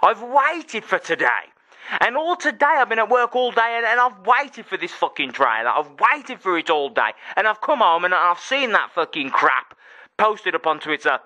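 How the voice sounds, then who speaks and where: A man's voice: high voice, sing-song, normal speed, sharp tone. An angry young English man ranting and swearing on his solo gaming podcast.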